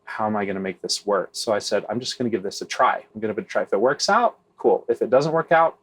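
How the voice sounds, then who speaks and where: A man's voice: fairly low pitch, lively intonation, quick pace, slightly rough. A middle-aged man, a real estate investor, answering interview questions candidly, often tagging on "right?" and restarting phrases.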